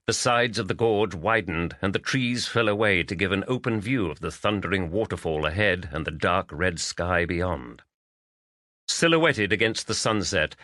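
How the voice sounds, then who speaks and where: A man narrating a mystery audiobook in a measured, expressive reading. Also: low-pitched, no room sound, studio quality.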